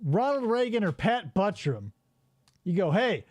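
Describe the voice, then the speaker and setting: A man hosting a casual podcast, riffing loosely and swearing freely. His voice sits high and swings around a lot. The sound is dry and close, with no room echo. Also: expressive, moderate pace, a little mellow. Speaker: podcast host. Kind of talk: casual chat.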